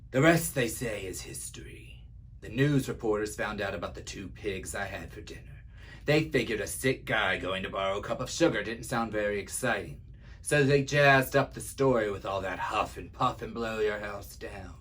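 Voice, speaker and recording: A man's voice: on the low side, moderate pace, fairly bright tone, breathy edge. A man reading a children's story aloud as an easygoing male wolf who tells his own side in a chatty, wry, confiding way. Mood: sly. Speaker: library storyteller.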